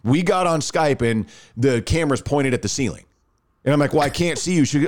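A man's voice: fairly high pitch, a little fast. A man in his thirties casually telling a personal story on a podcast, acting out the dialogue. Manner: animated, acts out quoted dialogue.

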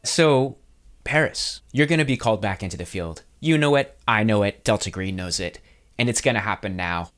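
A man's voice: fairly low pitch, normal speed. A man running a tabletop game as game master, narrating scenes and voicing side characters in an easygoing way. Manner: lively, easygoing.

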